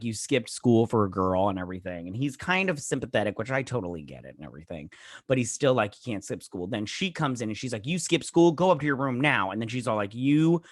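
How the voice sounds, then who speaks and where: A man's voice: on the low side, fairly bright tone, dry recording, studio quality. Chatty man recapping a TV episode. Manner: rambling, filler-heavy retelling full of "he's all like" quotes; briefly acts out characters' lines in quoted bits. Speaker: show host. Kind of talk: casual TV episode recap and review.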